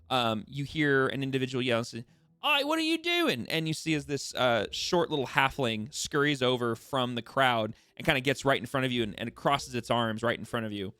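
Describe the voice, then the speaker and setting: Halting man running a tabletop game. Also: mid-range voice, fairly bright tone, smooth, no room sound. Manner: halting, many fillers. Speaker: game master.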